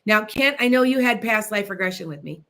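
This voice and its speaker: A woman from the Midwestern US hosting a psychic radio show, telling stories in a chatty, animated way and speaking straight to her listeners. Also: mid-range voice, a little fast. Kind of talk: casual storytelling on internet radio.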